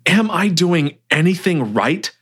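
A man's voice: a little high, big pitch swings, measured pace, a bit bright, husky, voice pushed up, full character voice. A stressed male financial advisor with a tense, sarcastic edge, as a man reads him aloud. His voice rises and falls a lot as he pushes back. It is a storybook reading. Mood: hurt and bitter. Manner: tense, sarcastic under strain.

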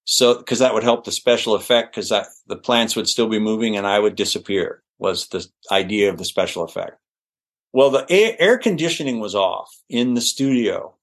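A middle-aged man, an actor guest on an interview show, telling anecdotes in a lively way with laughs and restarts. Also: lowish voice. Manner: animated, laughing, with restarts and fillers. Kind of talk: anecdotal storytelling.

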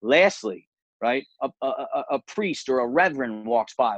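A man in his forties, a martial arts gym owner, telling his story candidly as an interview guest, earnest and quick, often repeating words. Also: mid-range voice, animated, no echo, muffled recording.

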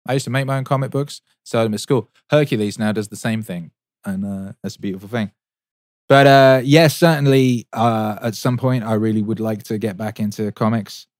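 A man's voice: on the low side, moderate pace, darkish tone, no room sound, clean studio sound. A man in his thirties hosting a casual livestream Q&A, rambling and profane with many fillers and an enthusiastic tone. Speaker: musician and show host answering chat.

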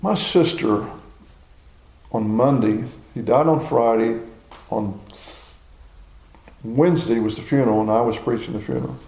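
A man's voice: mid-range voice, a little slow, vocal fry, long pauses, darkish tone, reverberant, poor audio. A man in his sixties preaching a sermon in a folksy, personal storytelling way. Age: 60s.

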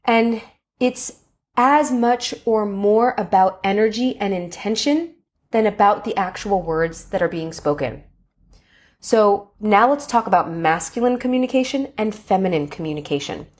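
Expressive woman coaching on dating. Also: mid-range voice, unhurried. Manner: expressive, acts out enthusiastic quotes. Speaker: podcast host. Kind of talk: coaching monologue.

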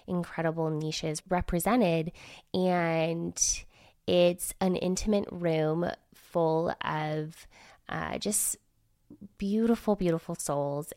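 A woman's voice: lowish voice, gravelly, a little mellow, no echo, studio quality. A woman hosting a solo podcast while sick with a cold, talking in a chatty, candid way with her voice nasal and scratchy. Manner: chatty, candid, with filler words. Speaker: podcast host and business consultant.

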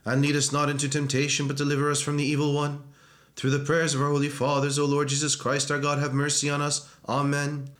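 A man's voice: a little high, completely flat delivery, fast talker, a bit bright. A man steadily reciting liturgical prayers as a reader.

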